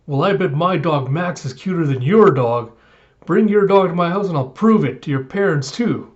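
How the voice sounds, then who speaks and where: A man's voice: fairly high pitch, animated, moderate pace, natural voice. A man voicing a boastful, bratty rich young boy with a smug, challenging tone. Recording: dull lo-fi audio.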